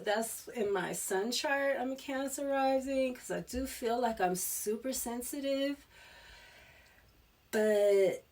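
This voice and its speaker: Slow, rambling woman tarot reader. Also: medium pitch, vocal fry, a little mellow, far from the mic. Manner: rambling, laughs often, with restarts. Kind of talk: casual spiritual chat.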